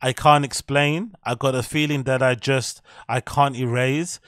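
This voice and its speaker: A man's voice: mid-range voice, steady tone, measured pace, a bit bright, no room sound, clean studio sound. Sweary mocking man. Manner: blunt, sweary, mocking, rambling. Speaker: podcast host. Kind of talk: casual commentary.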